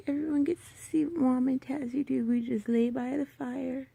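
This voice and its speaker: Cooing high-voiced woman, husky and slow. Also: steady tone, dark tone. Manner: cooing, often drops to a whisper. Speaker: vlogger filming her cat. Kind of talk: casual baby talk to a pet. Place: at home by a fireplace. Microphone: handheld camera.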